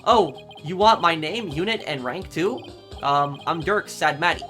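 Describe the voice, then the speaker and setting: Girl doing a chill young rebel leader guy, halting and unsure, lowish voice. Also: animated, a bit bright, soft background music. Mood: hesitant. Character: laid-back young male rebel leader.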